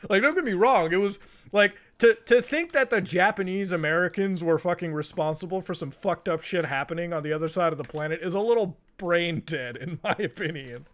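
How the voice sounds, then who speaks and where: A man with a rather high voice chats while gaming on a stream. He rambles in a loose, profane way and breaks into laughter often, talking into a desk mic at home. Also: brisk, fairly bright tone. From Canada. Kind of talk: casual chat while gaming.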